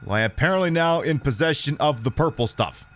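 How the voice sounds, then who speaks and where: A man streams a horror game and talks his way through it in casual let's-play commentary, cracking sarcastic jokes and drifting into rambling asides. His voice sits slightly high and swings widely in pitch. He swears now and then in an offhand way. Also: lively intonation, fast, background noise.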